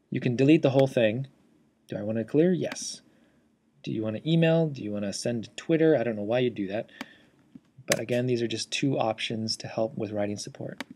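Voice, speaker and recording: A man walks through a software tutorial as an instructor. His voice sits at a middle pitch, and he explains each step in a steady, teacherly manner. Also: slightly rough. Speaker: assistive technology instructor. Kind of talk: instructional screencast walkthrough.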